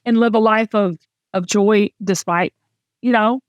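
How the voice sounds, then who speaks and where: A woman's voice: medium pitch, fairly even intonation, unhurried, dry recording, muffled recording. A middle-aged woman with a Southern US accent, hosting a podcast and talking candidly and emotionally in casual chat. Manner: emotional, candid, chatty storytelling. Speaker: podcast host.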